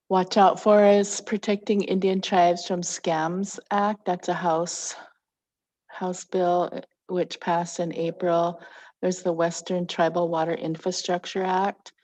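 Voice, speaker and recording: A woman giving a council meeting report, measured and with frequent pauses and ums. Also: on the low side, a little mellow. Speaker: tribal council member giving an update.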